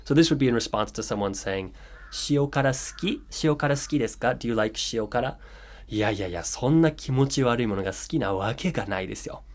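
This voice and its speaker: A man teaching Japanese grammar in a video lesson, patiently explaining phrases and reading example sentences aloud, often checking in with "okay.". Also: lowish voice. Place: home room with birds heard outside.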